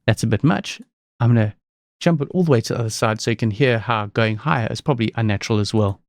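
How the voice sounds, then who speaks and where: A man presenting a screen-recorded software tutorial, explaining each step calmly. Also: medium pitch, fast, dry recording.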